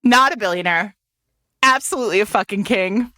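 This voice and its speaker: A woman's voice: medium pitch, moderate pace, no echo, clean studio sound. A woman co-hosting a podcast, retelling a romance plot in casual chat, swearing freely and acting out the characters' lines. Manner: animated, swearing, acts out quoted characters. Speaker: podcast co-host.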